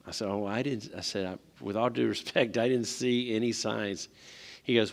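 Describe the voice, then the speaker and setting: A man's voice: on the low side, fairly even intonation, moderate pace, gravelly. A man speaking at a parent seminar, telling stories and asking the audience questions. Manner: conversational, asks the audience questions. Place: church hall. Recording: long hall reverb.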